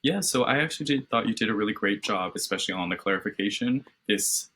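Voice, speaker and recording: Encouraging man with a husky, bright voice. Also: fairly low pitch, animated, quick pace. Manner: encouraging, structured, many "right?" tags. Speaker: mock interviewer giving feedback. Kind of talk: interview feedback. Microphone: video call.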